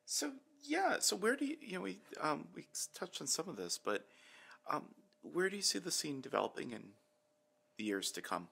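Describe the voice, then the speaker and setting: A woman's voice: low-pitched, sing-song, normal speed, vocal fry, a bit bright, breathy edge. A woman interviewer asking easygoing questions in an oral history interview.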